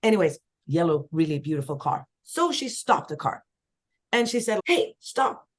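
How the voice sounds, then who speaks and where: A woman from Sweden, a singer-songwriter guest telling lively stories in a casual podcast chat. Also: normal speed. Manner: lively storyteller, acts out quoted voices with big pitch jumps.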